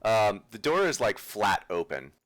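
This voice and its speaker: A man's voice: fairly low pitch, big pitch swings, measured pace, fairly bright tone. A man running a tabletop game as dungeon master, laughing often and talking in a loose, rambling way.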